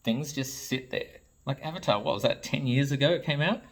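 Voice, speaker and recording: A man's voice: medium pitch, fairly quick, a bit bright. An Australian man, a toy designer, ranting to camera in an exasperated, blunt way and swearing freely. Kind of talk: ranting vlog commentary.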